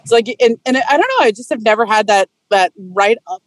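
A woman's voice: a little high, fairly quick, dry recording, poor audio. A woman chatting casually in a bubbly way, with lots of "like" and frequent laughter. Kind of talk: casual chat.

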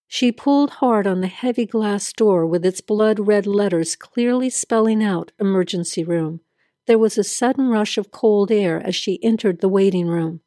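Woman narrator for a story podcast; measured, steady, mid-pitched, dry close sound. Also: no echo. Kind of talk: scripted narration.

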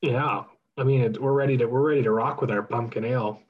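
Man, podcast co-host, husky voice, mock-dramatic, muffled lo-fi sound. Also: mid-range voice, fairly even intonation, fast talker. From California. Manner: mock-dramatic, theatrically emotional. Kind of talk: casual podcast chat.

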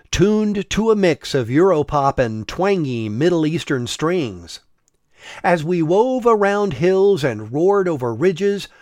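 A man narrating a travel story in a measured, wry scripted style. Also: a little high, dry recording, studio quality.

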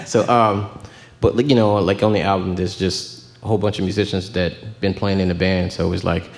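Deep gravelly-voiced storytelling man. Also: fairly even intonation, moderate pace. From Miami, Florida. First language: Haitian Creole. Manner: storytelling, acts out voices with laughter. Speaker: bandleader. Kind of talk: casual radio interview chat.

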